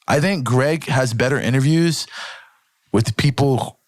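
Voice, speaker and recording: A young man as a podcast guest, talking in a casual, animated way and often checking in with "right?". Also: mid-range voice, a little slow, dry recording. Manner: animated storytelling with frequent swearing and "right?" check-ins.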